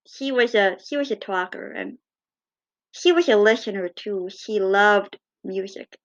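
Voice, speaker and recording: A woman telling fond, gently humorous personal stories in a casual way. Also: mid-range voice, a little slow, dull audio. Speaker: cat owner.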